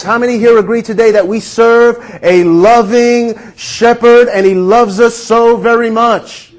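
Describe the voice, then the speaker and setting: A man's voice: high-pitched, fairly even intonation, normal speed, few pauses. A man preaching a sermon to a congregation, stretching out key phrases and building to emphatic calls. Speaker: pastor.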